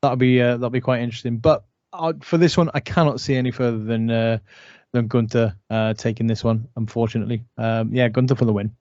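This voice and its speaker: A man's voice: mid-range voice, fairly even intonation, a little fast, darkish tone, no echo. Chatty man on a dry, dull mic. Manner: chatty, filler-heavy. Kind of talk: casual wrestling prediction chat.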